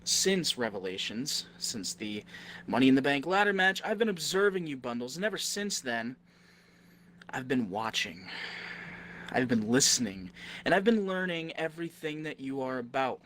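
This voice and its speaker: A man delivering a wrestling roleplay promo, measured and deliberate, turning to angry threats. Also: mid-range voice, big pitch swings, fairly bright tone, slight background noise.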